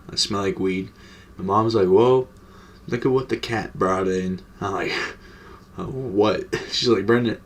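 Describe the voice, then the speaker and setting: Laid-back young man with a lowish voice. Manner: slangy, profane, laid-back storytelling. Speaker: storytime vlogger. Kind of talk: casual storytelling.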